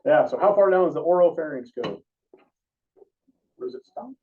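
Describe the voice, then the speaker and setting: The man teaching this EMT class has a fairly high, sing-song voice at normal speed. He keeps things casual and informal, often asking students questions, and the recording is dull and distant.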